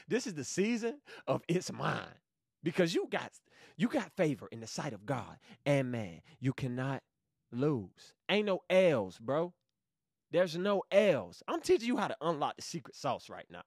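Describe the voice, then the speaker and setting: A young man from Savannah, Georgia, with a Georgia accent, giving an excited, slangy Bible teaching as a podcast host. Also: fairly high pitch, a little slow, gravelly, breathy edge, no echo, clean studio sound. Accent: Southern US, Georgia. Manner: hyped, slangy, bursts into loud exclamations.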